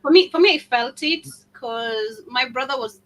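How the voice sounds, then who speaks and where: A woman's voice: high voice, normal speed, a bit bright. A woman sharing a personal memory in casual chat, with hesitant restarts. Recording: distant mic with faint hum.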